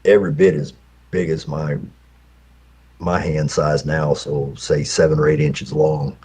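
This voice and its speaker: A man in his fifties, in prison, telling a long personal story in an unhurried, rambling way with many fillers. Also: a bass voice, flat delivery, mellow, husky. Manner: unhurried, full of fillers and restarts.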